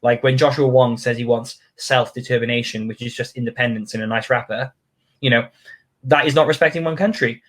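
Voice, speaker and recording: A man's voice: mid-range voice, fairly even intonation, brisk, fairly bright tone. Hesitant British man guest. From United Kingdom. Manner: hesitant, apologetic, many fillers. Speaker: guest, founder of a civic group. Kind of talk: conversational interview.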